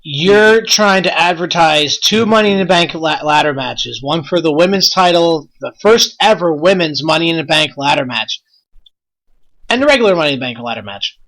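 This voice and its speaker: A man's voice: fairly high pitch, animated, normal speed, fairly bright tone. A man hosting a wrestling podcast, ranting in an exasperated, blunt way with lots of rhetorical questions. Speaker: podcast host.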